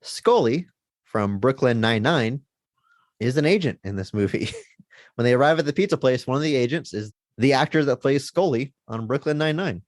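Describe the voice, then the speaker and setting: An enthusiastic man co-hosts a podcast in casual chat, often laughing as he talks. His voice sits at an ordinary middle pitch. The recording is dry and close. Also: animated, normal speed, no echo. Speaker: podcast co-host.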